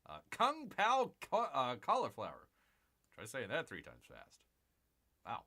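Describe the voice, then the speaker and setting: A man's voice: medium pitch, wildly swooping pitch, a little slow, bright, forceful tone. A man hosting a casual live stream, rambling chattily to his viewers and calling himself Bear. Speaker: livestream host.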